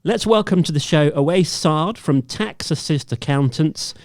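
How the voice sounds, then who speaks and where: A man hosting a local radio show, introducing a guest and asking questions in a brisk, scripted way. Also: on the high side, darkish tone, no echo, studio quality.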